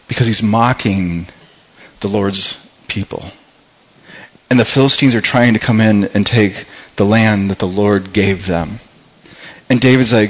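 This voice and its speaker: A man's voice: mid-range voice, moderate pace, rough recording. A man preaching a sermon, retelling a scripture story and acting out what its characters might say, often repeating words as he thinks aloud. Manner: acts out the characters' thoughts in dialogue.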